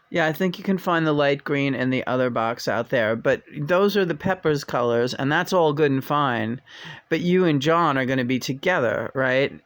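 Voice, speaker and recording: A man's voice: on the high side, fairly bright tone. A man chatting casually and playfully while doing a tarot reading, with a hesitant, rambling manner and bits of meowing sing-song. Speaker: tarot reader.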